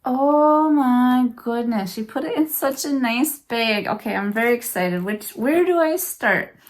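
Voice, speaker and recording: A woman's voice: on the high side, lively intonation, a little slow. A woman vlogging to camera as she unboxes a handmade gift, gushing and emotional, repeating her praise over and over. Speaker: crochet vlogger. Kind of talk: unboxing vlog, casual chat to camera.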